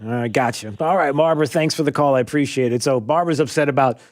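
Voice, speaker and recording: A man's voice: mid-range voice, fast. Rambling, joking talk radio host, man. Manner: chatty, joking, rambling with many restarts.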